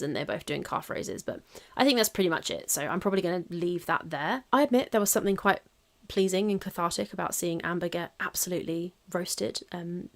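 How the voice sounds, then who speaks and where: Woman vlogger, snarky and chatty; low, gravelly, fast delivery. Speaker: video creator. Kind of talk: casual vlog commentary.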